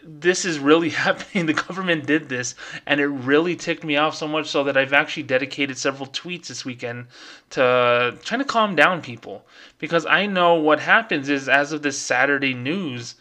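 A man hosting his own podcast, ranting in a casual, fired-up way and slipping into quick mocking voices. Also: on the high side, bright, forceful tone. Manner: fired-up, ranting, mimics people in quick asides. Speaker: podcast host.

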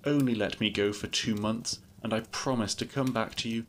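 A man voicing an earnest, gentle young woman in a storybook reading, lifting his voice softly. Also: steady tone, moderate pace, slight background noise, natural voice. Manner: raised pitch, soft and pleading.

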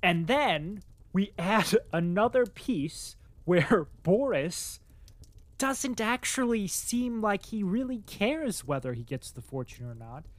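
A man's voice: high voice, very animated, takes it slowly, dry recording. A man narrating a classic novel aloud and then chatting enthusiastically about the story. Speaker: audiobook reader and book commentator. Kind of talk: literary narration then casual commentary.

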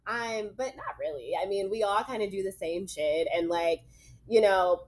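A woman's voice: medium pitch, moderate pace, a little hiss or hum. Casual woman host asking questions. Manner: casual, asks questions, frequent fillers. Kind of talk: casual chat.

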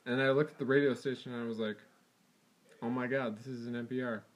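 A man chats casually in an even, mid-pitched voice. He tells his story with wry amusement. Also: fast talker. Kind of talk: casual chat.

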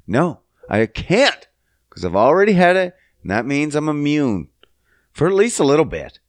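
Young adult male solo podcast host from Canada, profane and jokey, drawn-out delivery with big playful swoops in pitch. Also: very animated, no echo, clean studio sound. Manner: sing-song, jumps high in pitch for silly bits, profane. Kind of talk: solo comedic podcast rant.

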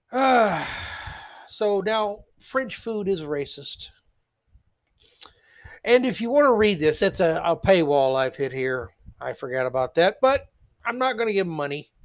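A man hosting a solo commentary podcast in a sarcastic, blunt, rambling way. His voice sits fairly high for a man. The recording is dry, with no room sound. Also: no room sound. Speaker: podcast host.

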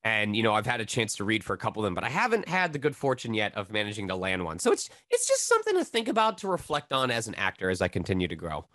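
A man's voice: on the low side, wildly swooping pitch, quick pace, few pauses, pushed and bright, no echo, clean studio sound. A man, a voice actor being interviewed, talks thoughtfully and rambles a bit, hedging as he goes. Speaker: voice actor, guest. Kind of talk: casual interview.

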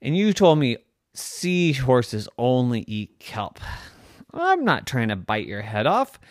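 A man voicing a lazy, sweet girl who lives in a shell, in a high, squeaky, childlike voice, for a silly bedtime story. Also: huge pitch swings, slow pace, dry recording, studio quality. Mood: indignant.

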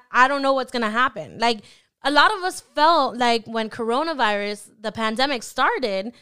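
A young adult woman hosting a podcast, talking casually about faith and acting out imagined thoughts in quick quoted asides. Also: high voice, pushed and bright. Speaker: podcast host.

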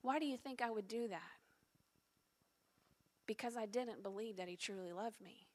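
A middle-aged woman pastor preaching a sermon in an earnest, confessional way, dropping to hushed tones at times. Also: mid-range voice, normal speed.

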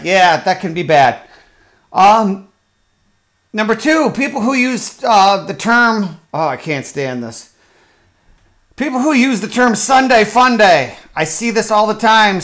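A medium-pitched voice with a fairly bright tone belongs to a podcast host performing a comedic solo monologue. The rant is sarcastic and profane, wandering along with fillers and restarts and dipping into mocking voices.

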